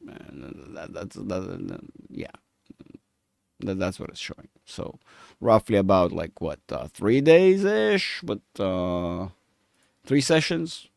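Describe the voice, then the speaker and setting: A man's voice: low-pitched, expressive, takes it slowly, vocal fry, a little mellow, no room sound, clean studio sound. A man hosting a casual chart analysis, rambling and profane, humming while he thinks. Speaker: market analyst host.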